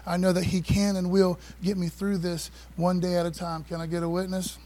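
A man preaching a sermon to his church, animated and repeating phrases, calling on the congregation to answer back. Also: high voice, fairly quick, low-quality recording. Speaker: pastor.

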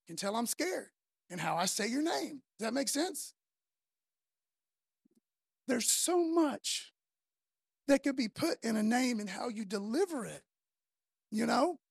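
A woman preaching a sermon, emphatic and repetitive, building from quiet to loud and passionate. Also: fairly high pitch, big pitch swings, measured pace, creaky, pauses often, husky, no room sound, studio quality.

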